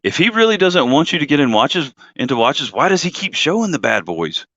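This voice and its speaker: A man's voice: a little high, big pitch swings, brisk, a bit bright, dry recording. Rambling male stream host, dry lo-fi sound. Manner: rambling, laughs often, self-deprecating. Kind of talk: casual live-stream chat.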